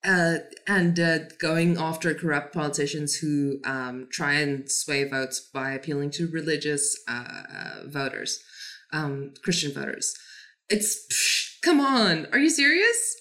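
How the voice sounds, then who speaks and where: Lower-voiced woman gushing on a fan podcast, swears a lot, lots of ums. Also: fairly even intonation, unhurried, a bit bright. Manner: gushing, swears freely, many fillers. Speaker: podcast co-host. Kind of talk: casual fan podcast chat.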